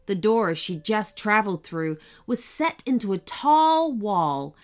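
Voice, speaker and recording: A woman hosting a children's podcast, reading a bedtime story in a gentle, unhurried way. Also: mid-range voice, sing-song.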